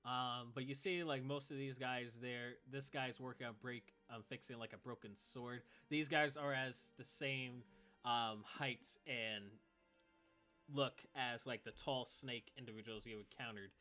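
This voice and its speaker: Male game master, casual filler-heavy narration, bright forceful tone. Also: medium pitch, steady tone, unhurried, faint music behind.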